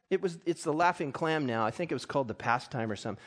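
A middle-aged male pastor preaching a sermon, reading scripture and telling stories that build into loud, impassioned peaks. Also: on the high side, animated, fast talker, few pauses.

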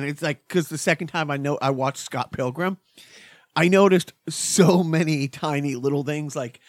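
A man with a slightly high voice chats loosely on a podcast, full of sarcasm and restarts. The sound is dry and close, with no room echo. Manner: rambling, sarcastic, trails off and restarts. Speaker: podcast co-host. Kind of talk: casual chat.

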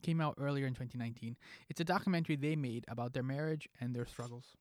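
A man hosting a podcast, delivering a scripted monologue with a playful, joking lilt. His voice sits in an ordinary middle pitch. The sound is close and dead dry, with no room around it. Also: fast, no room sound. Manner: playful, jokey delivery with pop-culture asides. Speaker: podcast host.

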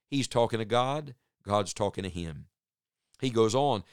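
A man teaching through a Bible passage on the radio in an earnest, measured way, stressing points through repetition. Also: lowish voice, lively intonation, clean tone, dry recording, clean studio sound.

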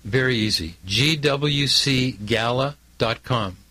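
A Canadian-accented man speaking as a guest on a radio show. He lays out details in a steady, measured way, with a pitch in the middle range. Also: husky, no room sound. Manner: measured, informative. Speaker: guest, foundation representative. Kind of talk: radio interview.

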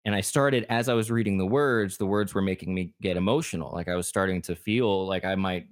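Low-voiced man telling a rambling story. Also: brisk. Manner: rambling, acts out quoted dialogue. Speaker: podcast co-host. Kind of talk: casual storytelling chat.

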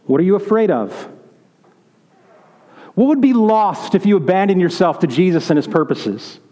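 A man with a high, warm voice and big pitch swings preaches at a moderate pace. His conversational sermon, recorded in a reverberant hall, mixes storytelling with questions put to the congregation.

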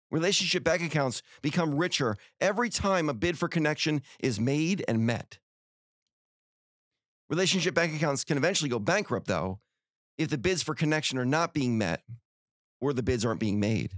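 A man's voice: medium pitch, animated, moderate pace, pauses often, no room sound, clean studio sound. A middle-aged man hosting a podcast, giving an earnest, folksy motivational talk full of rhetorical questions. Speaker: podcast host.

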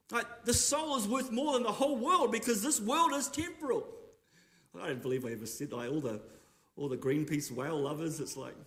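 High-voiced man preaching earnestly. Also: fairly bright tone. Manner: earnest, emphatic preaching with rhetorical questions. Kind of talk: sermon.

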